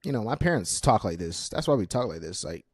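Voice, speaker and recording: A man's voice: lowish voice, sing-song, a little fast, a little mellow, slightly rough, dry recording. Chatty young man, dry close sound. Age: 20s. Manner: chatty and self-deprecating, lots of fillers. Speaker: podcast host. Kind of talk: casual solo monologue.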